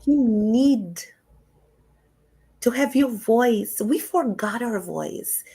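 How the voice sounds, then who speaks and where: A woman giving a lively spiritual talk over a video call, animated and often laughing, with big jumps in pitch. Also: very slow, breathy edge. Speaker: guest speaker.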